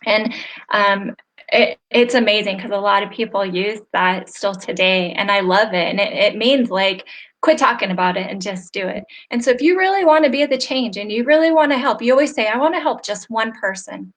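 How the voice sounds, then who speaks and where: A woman with a medium-pitched voice talks fairly quickly while hosting a live online interview heard over a video call. She tells stories earnestly and from the heart, growing emotional as she goes.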